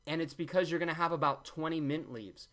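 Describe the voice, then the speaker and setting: A man's voice: fairly high pitch, a little fast, fairly bright tone. A man giving a homemade juice recipe in a rambling, jokey way, often taking back his own jokes. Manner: jokey, rambling, often backtracks with "I'm kidding". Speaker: vlogger demonstrating a juice recipe. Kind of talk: joking, rambling how-to talk.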